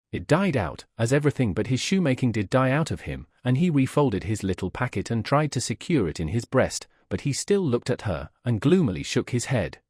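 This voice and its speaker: A male audiobook narrator reads a classic novel in an expressive, measured way. His voice is husky, with lively pitch that rises and falls. The recording sounds dry and close. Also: no echo. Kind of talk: scripted narration.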